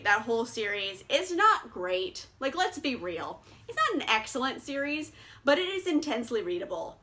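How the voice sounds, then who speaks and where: Young female book vlogger, high and bright, casual and blunt with some cursing. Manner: animated, blunt and swears freely. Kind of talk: casual book review chat.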